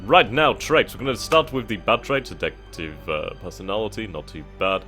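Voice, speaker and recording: A man with a very low voice talks through a game's setup menus, reading text aloud and thinking as he goes. He hesitates and muses casually as he chooses options. Faint music plays under his voice. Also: normal speed, bright, forceful tone. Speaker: gaming channel host. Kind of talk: casual let's-play commentary.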